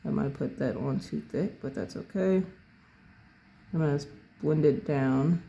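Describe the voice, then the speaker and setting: A relaxed, gravelly voice walks through a digital painting session one brush stroke at a time. The speaker is calm and unhurried, narrates each move as they make it, and often corrects a word mid-phrase. The tone is dark and mellow, close to the mic. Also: medium pitch, highs cut off. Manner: calm, thinks aloud, corrects own words mid-phrase. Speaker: painting instructor. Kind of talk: casual step-by-step painting tutorial.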